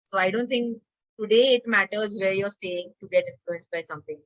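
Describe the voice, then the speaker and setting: A woman's voice: mid-range voice, a little fast, low-quality recording. A woman with an Indian accent, a guest on a podcast, giving frank opinions in casual talk. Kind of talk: casual interview chat.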